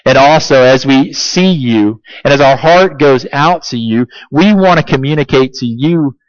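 A man preaching a sermon as pastor, emphatic and deliberate, asking his congregation repeated rhetorical questions. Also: medium pitch, expressive, no echo, muffled recording.

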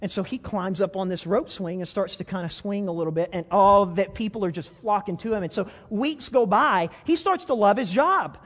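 A man's voice: high voice, normal speed, few pauses, fairly bright tone, big-room sound. A man preaching a sermon as a pastor, telling a story in a folksy way with frequent stammered restarts.

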